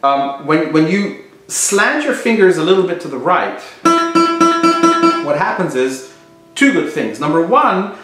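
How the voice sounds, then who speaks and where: A man's voice: fairly high pitch, animated, unhurried. Man teaching guitar in a very echoey room. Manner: thoughtful, searching for words, many restarts. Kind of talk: instructional explanation.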